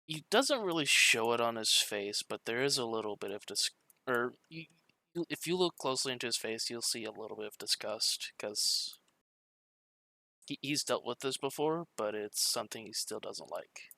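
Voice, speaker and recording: A man's voice: mid-range voice, lively intonation, moderate pace, gravelly, pushed and bright, no echo. A man playing a tabletop game, rambling with many fillers as he describes his character. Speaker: player. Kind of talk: casual tabletop chat.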